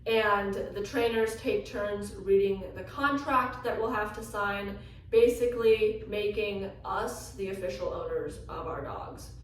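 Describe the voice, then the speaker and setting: A woman vlogger telling a personal story in an animated way, acting out the lines she quotes. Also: medium pitch, measured pace. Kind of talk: storytelling vlog. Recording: echoey room from a distance, faint ambience.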